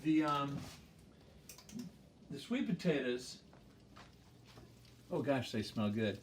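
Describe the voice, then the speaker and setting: Expressive and medium-pitched, this man takes his time guiding viewers through a recipe on a casual home cooking show, rambling easily with "um" fillers and chuckles. A distant mic in the roomy kitchen catches a little hiss or hum.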